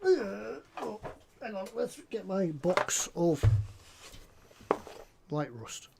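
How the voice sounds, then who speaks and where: A man with a voice pitched a little above the usual chats away while he works at his hobby bench. His talk is loose and rambling, full of small jokes and side tangents. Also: very animated, drawn-out words, vocal fry, very noisy. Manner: rambling and jokey, drifts off topic. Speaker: scale model builder. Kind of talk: casual chat while working on a model. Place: hobby workbench indoors.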